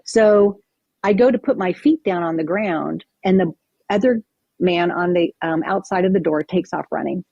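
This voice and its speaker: A woman's voice: fairly low pitch, normal speed, gravelly, no room sound, muffled recording. A woman guest on a podcast, recounting a personal story vividly and acting out what people said. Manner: vivid, animated retelling with acted-out quotes.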